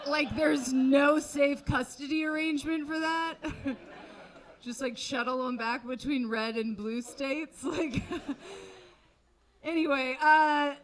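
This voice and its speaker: A woman's voice: high-pitched, takes it slowly, a bit bright. A woman doing a stand-up comedy set on a comedy club stage, wry and conversational with sarcastic asides.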